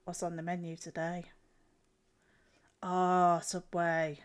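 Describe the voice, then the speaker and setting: A woman's voice: fairly low pitch, normal speed. Giggly woman with a stuffy nose. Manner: chatty, giggly, answers chat, frequent restarts. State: stuffy-nosed from a cold. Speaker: streamer and artist. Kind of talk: casual live-stream chat while drawing.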